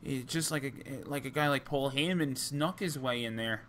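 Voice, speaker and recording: A man's voice: mid-range voice, moderate pace, fairly bright tone. A man with a New Jersey accent telling wrestling-business stories in a loose, rambling way, full of fillers and restarts. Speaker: podcast co-host. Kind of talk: casual storytelling chat.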